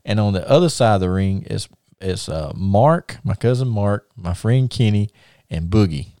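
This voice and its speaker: A man's voice: lowish voice, lively intonation, normal speed, mellow, dry recording, clean studio sound. A man hosting a podcast, telling stories casually in a rambling way, repeating words and laughing at his own tales. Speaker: podcast host and wrestling promoter. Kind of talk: casual storytelling.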